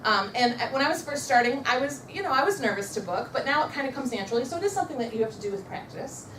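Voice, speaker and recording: Fast-talking, upbeat woman training a sales team. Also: sits high, lively intonation, a bit bright, reverberant, distant mic, slight background noise. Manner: upbeat, coaching, leads the audience in repeating affirmations. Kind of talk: motivational sales training talk. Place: meeting room with a live audience.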